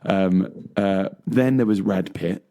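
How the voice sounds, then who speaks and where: A man's voice: low-pitched, slow pace, dark tone. A young man, co-hosting a casual chat show, rambling along with many fillers and laughs. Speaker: co-host.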